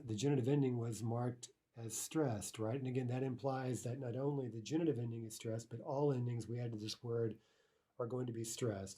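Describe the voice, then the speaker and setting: A man's voice: medium pitch, dark tone, husky. A man teaching a language lesson, explaining grammar step by step with a patient manner and frequent checks like "right?" and "okay".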